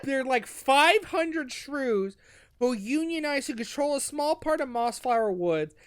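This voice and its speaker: A man's voice: very high-pitched, lively intonation, unhurried, a bit bright, no room sound, clean studio sound. Rambling swearing podcast guy. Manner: rambling, swears freely, restarts often. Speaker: podcast co-host. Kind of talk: casual book recap chat.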